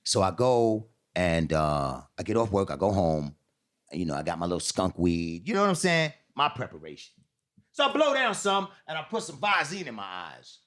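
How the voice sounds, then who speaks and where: A middle-aged man spinning a rambling story, his pitch swinging widely as he acts out each voice. He talks in a loose, laughing way, pushing his voice up high for the quotes and dropping it low for the asides. It is a relaxed conversation among friends. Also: normal speed, no echo, studio quality. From New York. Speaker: guest storyteller. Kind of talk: casual storytelling chat.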